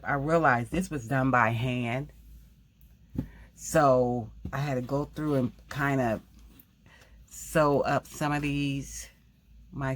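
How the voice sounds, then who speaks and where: A woman hosting a craft video, talking quickly in a rambling, casual way and often correcting herself mid-sentence. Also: very deep voice. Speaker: craft channel host. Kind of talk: casual craft tutorial chat.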